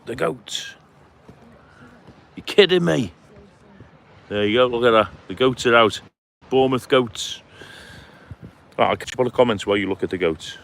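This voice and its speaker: A man with a medium-pitched, slightly bright and creaky voice talks at a moderate pace with long pauses. He's a friendly vlogger live-streaming on his phone during a seaside clifftop walk, chatting matily with viewers and reading out the chat as he greets them by name.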